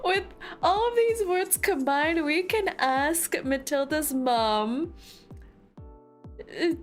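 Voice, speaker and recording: A woman streaming a game, chatting to her viewers in a giggly, animated way. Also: sits high, slow pace, faint music behind. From United States. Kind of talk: casual livestream chat.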